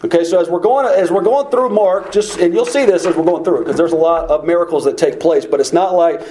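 A man's voice: high-pitched, fast, mellow, slight background noise, low-quality recording. A man teaching a sermon through a Bible passage in a conversational way, asking rhetorical questions. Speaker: preacher.

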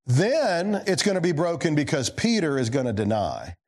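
A male pastor giving a sermon, swinging between emphatic lines and low quiet asides, putting questions to the congregation. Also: very animated, moderate pace.

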